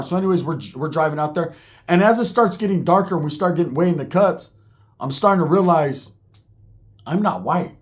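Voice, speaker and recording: Guy telling a crazy story, cussing a lot, animated, slightly high voice. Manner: profane, animated, slangy, acts out quotes. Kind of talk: casual storytelling.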